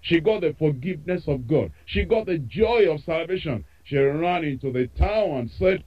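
A man's voice: fairly high pitch, expressive, moderate pace, hardly any pauses, dull audio. A man preaching a sermon with an emphatic, repetitive cadence.

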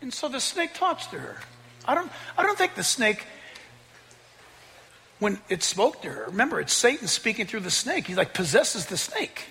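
A male preacher with a high, bright voice delivers a lively, joking sermon. His voice swings widely in pitch, with a gravelly edge. It rings with long reverb in a large hall over faint music. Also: moderate pace, slight background noise. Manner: animated, jokey, conversational preaching.

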